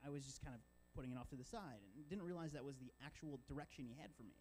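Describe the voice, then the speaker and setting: A young man shares his testimony from a church stage in a casual way, full of filler words. His voice sits in a middle range, warm and relaxed, with a faint hum behind him. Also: mid-range voice, rapid-fire, poor audio. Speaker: church intern. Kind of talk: personal testimony.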